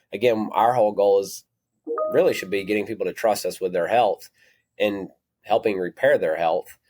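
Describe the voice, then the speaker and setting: A man's voice: on the low side, a little mellow. A man with a Southern accent, a natural products retailer talking casually in an interview, rambling and correcting himself as he goes. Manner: rambling, self-correcting, apologetic asides. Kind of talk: conversational podcast interview.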